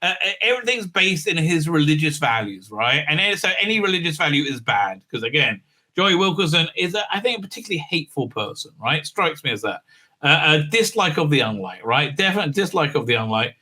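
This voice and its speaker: A man's voice: a little high, very animated, fairly quick, sharp tone. A man giving a casual, sarcastic recap and review in a rambling way, with many filler sounds. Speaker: video reviewer.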